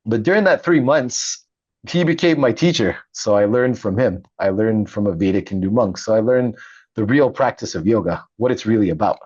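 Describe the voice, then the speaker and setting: Middle-aged male guest, low husky voice, animated storyteller, dry dull recording. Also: moderate pace, dry recording. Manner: animated, laughs often, acts out quoted voices. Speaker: podcast guest, Navy veteran and author. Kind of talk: casual storytelling interview.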